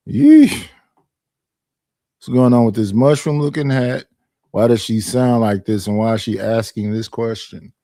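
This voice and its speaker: Slow gravelly man, teasing drawl. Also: lowish voice, mellow, dry recording, clean studio sound. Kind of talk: reaction commentary.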